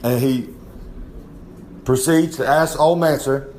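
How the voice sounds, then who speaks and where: A man's voice: medium pitch, fairly even intonation, takes it slowly, a little mellow, slight background noise. A man giving a rambling, in-character wrestling promo, boasting and talking about himself in the third person with many asides. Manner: drawling, rambling storyteller with frequent asides. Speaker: recurring segment guest.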